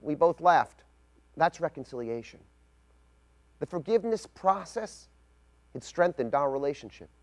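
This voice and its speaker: A middle-aged man giving a scripted spoken essay as a rabbi, telling a personal story in a measured, reflective way. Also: a little high, lively intonation.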